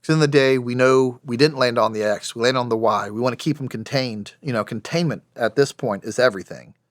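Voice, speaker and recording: A man's voice: mid-range voice, brisk, no room sound, studio quality. A man in his forties, a podcast guest and former special operations soldier, telling stories plainly and wryly, with frequent restarts. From United States. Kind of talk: storytelling in a podcast interview.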